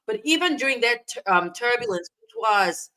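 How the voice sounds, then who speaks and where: A woman co-hosting a podcast, telling a story in a casual, animated way with big swings in loudness. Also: a little high, moderate pace. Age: adult parent of a young child. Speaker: podcast co-host.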